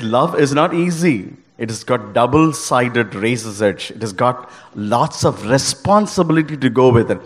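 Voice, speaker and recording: A man giving a devotional talk to a gathering, speaking earnestly in halting phrases with frequent restarts. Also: mid-range voice, in a large hall. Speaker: devotional speaker leading group singing.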